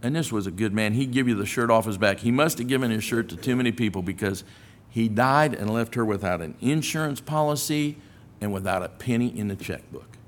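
A man's voice: medium pitch, fairly quick, slight background noise. A man preaching a sermon as a storyteller, acting out the dialogue as he tells his story. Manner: animated storyteller who acts out dialogue.

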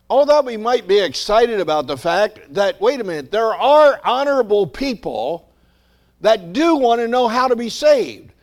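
A man's voice: sits high, sing-song, moderate pace. Man preaching a fervent sermon. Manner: preaching with rising emphasis, conversational asides. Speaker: pastor.

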